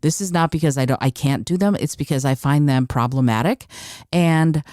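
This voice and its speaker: A woman's voice: low voice, normal speed, darkish tone, no echo, studio quality. A woman hosting a solo podcast, talking emphatically and repeating phrases to drive her points home. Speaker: podcast host.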